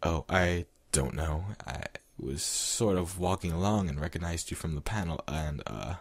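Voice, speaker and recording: A man's voice: deep voice, animated, moderate pace, no room sound. A man voicing a shy, awkward young man who talks hesitantly. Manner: hesitant, stumbling.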